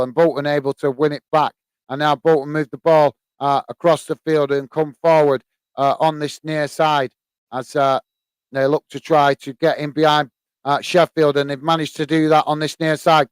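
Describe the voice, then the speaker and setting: Guy doing live match commentary for his viewers, kinda high voice, smooth, dry close sound, lots of uhs and ums. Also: no echo. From England. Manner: chatty, many fillers, bursts into shouts at goals. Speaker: host of a football watch-along stream.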